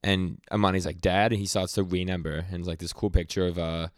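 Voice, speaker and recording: This low-voiced podcast co-host speaks in a level tone, a young man stumbling over his words as he retells comic scenes through rapid quoted lines. It's a casual manga recap chat, captured in clean studio sound without echo.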